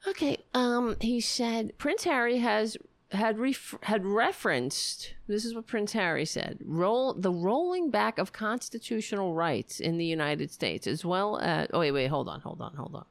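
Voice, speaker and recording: A woman rants about politics in a slow, deliberate way, heavy with sarcasm and swearing. She drifts into muttered asides as she goes. Her voice is close and dry, with no room sound. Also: mid-range voice, lively intonation, no room sound. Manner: profane, sarcastic, muttering asides while searching. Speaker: political commentator. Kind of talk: angry political rant.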